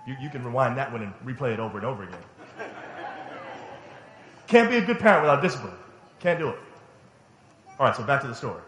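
A man's voice: medium pitch, a bit bright, reverberant. A middle-aged man preaching a sermon, telling family stories emphatically and laughing along the way. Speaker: pastor. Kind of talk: sermon storytelling.

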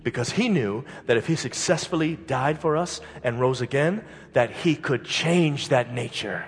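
A male pastor preaching a sermon and telling a fable, animated and building to loud, fervent peaks in a church hall. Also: mid-range voice, moderate pace, few pauses, slightly rough. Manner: animated, building to shouted climaxes. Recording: long hall reverb.

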